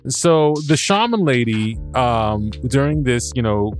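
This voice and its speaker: With faint music in the background, a man speaks in a medium-pitched, sing-song voice, taking his time. He hosts a podcast and reviews a show in a rambling, casual way, tripping over words, restarting, swearing, and laughing at himself.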